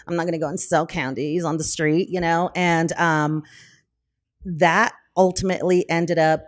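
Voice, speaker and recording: A woman in a casual interview, telling a story in a lively way with many fillers like um and you know. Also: on the low side. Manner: animated, acts out quoted conversations. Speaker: brewery owner and podcast guest.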